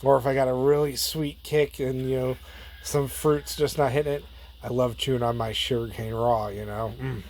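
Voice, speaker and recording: A man hosting a casual gardening vlog, rambling in a relaxed way with lots of fillers and trailing asides. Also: medium pitch, moderate pace, a little hiss or hum. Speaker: plant grower and channel host.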